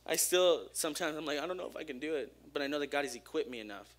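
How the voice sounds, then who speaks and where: A young man giving a casual, energetic sermon at a church service, joking with the crowd and talking openly about himself. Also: fairly high pitch, fast. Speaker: church speaker.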